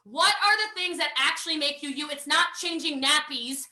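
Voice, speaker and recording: A high-voiced American woman with a sharp, forceful tone runs a live online sales training. She talks in an energetic, emphatic way and hammers her points home by repeating them. Her voice rings a little in a roomy space. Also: normal speed. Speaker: network marketing trainer.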